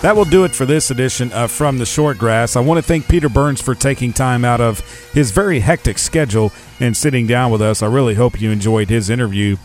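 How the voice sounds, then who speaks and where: A man's voice: mid-range voice, a little fast, darkish tone, soft background music. A man, the podcast host, reading sponsor spots and the show's closing lines. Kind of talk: read sponsor spots and outro.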